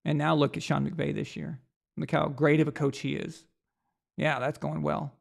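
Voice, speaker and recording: A man hosting a sports show rants bluntly and profanely about coaching, his slightly high voice carrying a gravelly fry. Speaking at normal speed with little pitch movement, he keeps pounding one point with angry rhetorical questions in an opinionated tirade.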